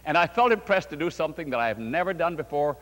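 Older preacher guy, high lively voice, long echo like a big hall. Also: fast. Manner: fervent preaching, voice swelling and dropping low. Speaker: pastor. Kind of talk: sermon storytelling.

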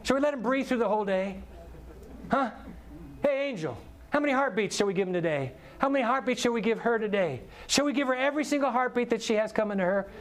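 A man's voice: very high voice, fast, voice pushed up. A man voicing God as a cheerful, generous father who playfully asks how many breaths and heartbeats to give each person today. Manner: playful and coaxing, like a host calling a vote.

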